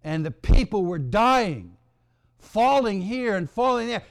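A man preaching a sermon, retelling scripture in a slow, dramatic delivery with long pauses. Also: very high-pitched.

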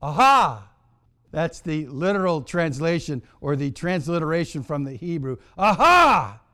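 A man preaching a sermon, telling a story in a deliberate, emphatic and dramatic way. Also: a little high. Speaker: pastor.

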